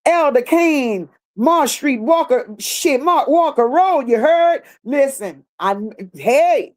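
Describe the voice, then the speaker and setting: A woman's voice: on the high side, a little mellow. A woman hosting a livestream, reading viewer comments aloud and answering them bluntly, with sassy repeated phrases. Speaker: livestream host.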